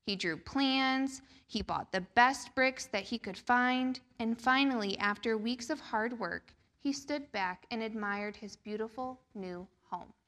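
A woman reading a picture book aloud to children during a church service, slow and expressive. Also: on the high side. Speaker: children's storyteller.

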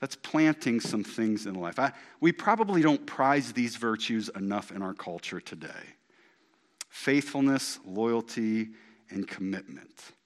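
A middle-aged male pastor preaching a sermon, animated and emphatic. He repeats key phrases and swings from loud to hushed. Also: medium pitch, moderate pace, few pauses.

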